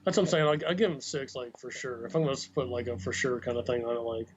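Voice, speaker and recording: A man's voice: mid-range voice, fast talker. Man, video call, dull muffled sound, faint noise, casual opinionated chat. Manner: casual, opinionated, says "like" often. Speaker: fantasy football co-host.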